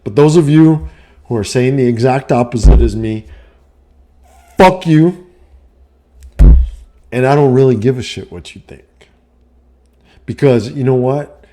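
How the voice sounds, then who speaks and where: A middle-aged man ranting casually on his vlog, profane and heated, swinging from low muttering to shouting. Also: measured pace, pauses often. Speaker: vlogger and life coach.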